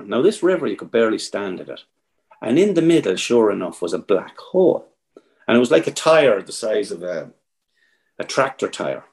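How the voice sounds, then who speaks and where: An Irish man being interviewed as team captain, telling stories in a lively, casual way and swearing freely. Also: medium pitch, a little fast, vocal fry. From Ireland. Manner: animated yarn-spinning, swears freely, frequent restarts.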